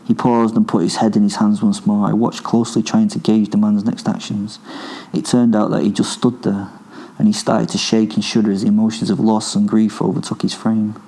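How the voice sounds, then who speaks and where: A man narrating a first-person horror story in a menacing, profane, deliberate way. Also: fairly low pitch, level tone, mellow, rough recording.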